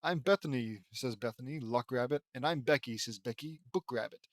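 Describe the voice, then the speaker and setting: A man's voice: mid-range voice, lively intonation, normal speed, no echo. A man reading a fan-fiction audiobook aloud, stumbling over words and breaking in with sarcastic asides.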